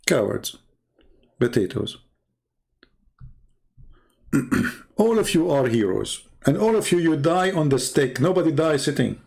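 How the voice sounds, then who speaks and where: A man's voice: fairly high pitch, expressive, a little slow, vocal fry, pauses often, darkish tone, breathy edge. A man hosting a livestream, talking in a combative, mocking way and challenging his listeners. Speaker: livestream host. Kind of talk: taunting livestream monologue.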